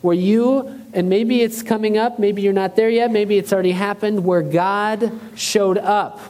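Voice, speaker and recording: A man's voice: sits high, steady tone, a little slow, darkish tone. A man preaching a sermon as pastor, speaking conversationally and asking the congregation questions.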